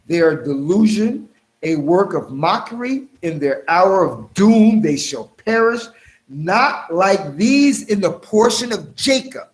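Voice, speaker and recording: A man's voice: sits high, rough recording. Emphatic preacher man reading scripture. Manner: emphatic, slows down to stress key phrases, talks straight to listeners.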